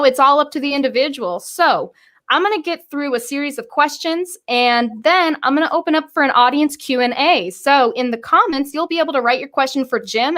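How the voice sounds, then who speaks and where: A woman hosting a live-streamed career interview, bubbly and excitable, often stumbling over her words. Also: sits high. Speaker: host.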